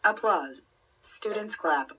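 Husky woman reading a story aloud. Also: medium pitch, lively intonation, slow, bright, forceful tone. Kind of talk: reading a story with stage directions. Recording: voice from a distance.

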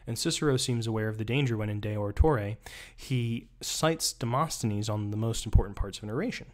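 A man's voice: on the low side, a little fast, darkish tone. A man, a rhetoric professor, doing a live-streamed close reading, reading passages aloud and breaking off into wry, chatty asides.

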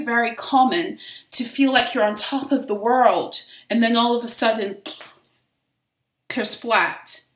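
A woman's voice: fairly high pitch, sharp tone. A woman giving a casual spiritual reading, talking in a rambling, profane way with frequent restarts. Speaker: spiritual reader. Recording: roomy echo.

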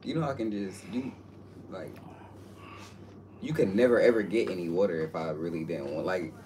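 A man's voice: sits low, moderate pace, warm tone, a little hiss or hum. A man in joking banter, teasing and bossing his friend around playfully. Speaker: co-host.

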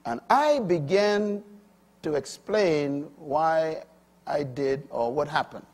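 A middle-aged man preaching a sermon with a husky voice. He swings from loud, emphatic proclamations to quiet asides. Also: fairly high pitch, animated, slow.

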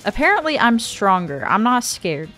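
A woman's voice: mid-range voice, big pitch swings, moderate pace, sharp tone, soft background music. A woman giving gameplay commentary, talking to herself and gasping and exclaiming at what happens on screen. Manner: talks to herself, gasps and exclaims at the game. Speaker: gaming streamer. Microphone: dynamic studio microphone.

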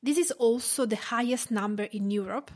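A woman from Tuscany, Italy, with an Italian accent hosts a cooking podcast as a home cook. Her fairly high, slightly mellow voice moves at normal speed through careful, explanatory narration.

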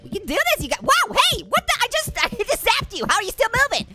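A man's voice: wildly swooping pitch, fast talker, over loud music, heavily acted. A man voicing a hyper, wisecracking male cartoon orange who giggles and puns through comedic gameplay commentary. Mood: giggly hyper. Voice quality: squeaky, pitched-up cartoon voice. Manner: giggly, punning, jokey. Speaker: let's play host.

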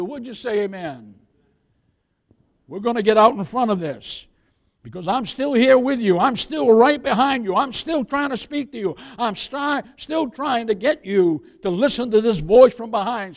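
A man's voice: extremely high pitch, animated, normal speed. A man preaching a sermon as pastor, calling out to the congregation with rising, emphatic lines. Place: church.

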